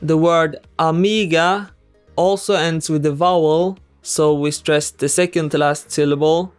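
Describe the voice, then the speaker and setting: A man explains grammar rules in a slow, measured voice-over, pausing to pronounce each example word with care. His voice is smooth and a little higher than most men's. Soft music plays faintly behind him. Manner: slow, deliberate, precise enunciation of example words. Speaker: language teacher. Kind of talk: scripted explanatory narration. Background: soft background music.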